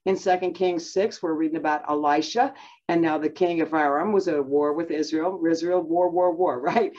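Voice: medium pitch, fairly even intonation, moderate pace, a little mellow, muffled recording. A Bible teacher giving a conversational lesson, talking in a chatty way with many fillers and self-restarts.

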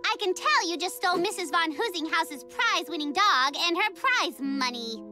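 A woman's voice: very high voice, lively intonation, normal speed, music in the background. An actress voicing an earnest, easily frustrated young superhero girl in a cartoon.

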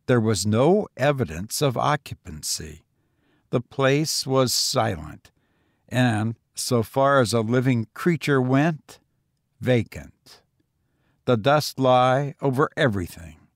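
A man reading a short story aloud as an audiobook narrator, measured and deliberate. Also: medium pitch, dry recording, studio quality.

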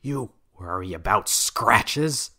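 A man's voice: lowish voice, expressive, slow pace, sharp tone, exaggerated voice. A man voicing a grieving, bitter male fire warrior who speaks heavily and angrily. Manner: heavy, angry.

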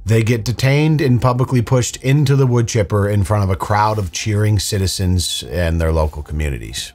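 A man's voice: medium pitch, lively intonation, fast talker, few pauses. Sardonic man hosting reaction commentary. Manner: sardonic, mock-serious rants. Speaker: commentary video host.

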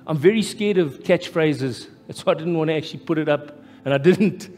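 Impassioned South African pastor in a hall. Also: male voice, a little high, a little fast. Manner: impassioned, rising to loud emphatic peaks. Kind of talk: live sermon. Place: church hall, live. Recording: echoey church hall with faint music.

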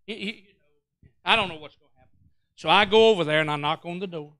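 A preacher man tells a story from the pulpit, his voice high and bright. He acts out every quote with big swings, breaking off to call out to his church. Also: quick pace, no echo. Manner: animated, acts out quotes, Pentecostal call-outs. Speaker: pastor. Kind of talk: storytelling sermon.

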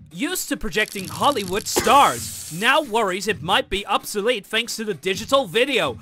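Very high, bright British streamer. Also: male voice, normal speed, faint music behind. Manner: animated, joking, reacts loudly to the game. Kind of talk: live game commentary.

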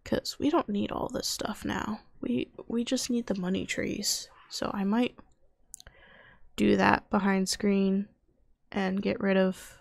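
A woman's voice: medium pitch, flat delivery, slow pace, gravelly, dry recording, clean studio sound. A young woman casually commenting on her video game as she plays, chatting to her characters and muttering to herself. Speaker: gaming youtuber. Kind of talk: casual let's-play commentary.

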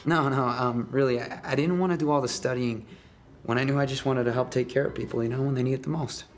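A man's voice: medium pitch, fairly even intonation, quick pace, a little hiss or hum, close to an everyday voice. An actor playing an easygoing male nurse who talks modestly and hesitantly. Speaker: nurse character.

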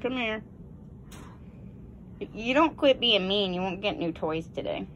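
A woman's voice: mid-range voice, animated, unhurried, a bit bright, muffled recording, slight background noise. A woman talking to her pet genet in teasing, coaxing baby talk. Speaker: exotic pet owner.

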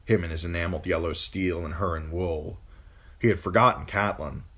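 A man reading a fantasy novel aloud as an amateur audiobook narrator, measured and steady. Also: low-pitched. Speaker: audiobook reader.

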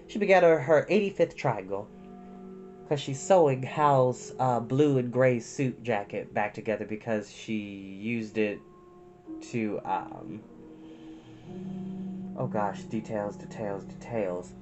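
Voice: medium pitch, measured pace, over music, rough recording. A storyteller reading a chapter book aloud, breaking off for chatty, folksy asides to listeners.

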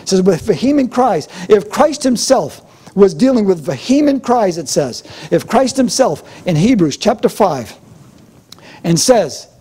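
A man's voice: high-pitched, very animated, a little slow, warm tone, slightly rough. A middle-aged man preaching a sermon as pastor, with a fervent, repetitive preaching cadence.

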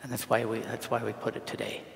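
A male priest delivers a loose, conversational homily, stopping to question his congregation and repeating words as he thinks aloud. His voice carries a gravelly texture. It sounds roomy, with the long reverb of a large church. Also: fairly low pitch, level tone, quick pace. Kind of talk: informal homily at Mass.

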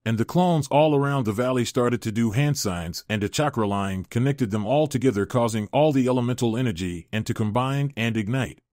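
A man reading fan fiction aloud in a steady, matter-of-fact way. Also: mid-range voice, a little fast, hardly any pauses, no room sound, clean studio sound. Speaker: narrator.

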